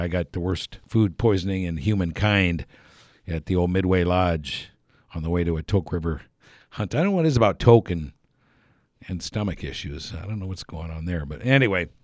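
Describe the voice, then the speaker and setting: A middle-aged man with a very low voice tells a casual, meandering story for a radio audience. He backtracks, restarts his sentences and chuckles along the way. His voice sounds dry and close, with no room around it. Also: a little fast, a little mellow, dry recording. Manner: rambling, self-correcting, chuckles while telling.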